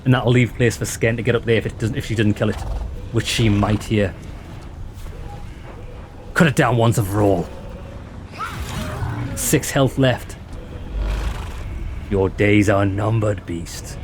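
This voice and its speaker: A man giving excited, chatty commentary on a game he is playing, talking to viewers as lads. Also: medium pitch, a little slow, pauses often, noisy background. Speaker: let's play host. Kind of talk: casual gameplay commentary.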